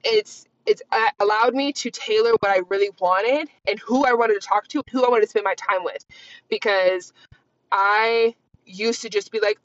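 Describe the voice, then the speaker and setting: In her twenties, this podcast host talks candidly and rambles on her own show, constantly saying "like" as she thinks out loud. Her mid-range voice moves at a moderate pace, captured close and dry with no echo and a slightly dull lo-fi sound.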